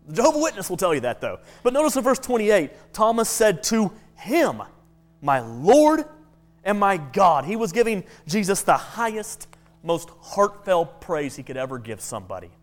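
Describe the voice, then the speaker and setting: A man's voice: sits high, big pitch swings, normal speed, soft background music. A man teaching a Bible class as a preacher, telling stories animatedly and often restarting on repeated words. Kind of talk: classroom sermon with storytelling.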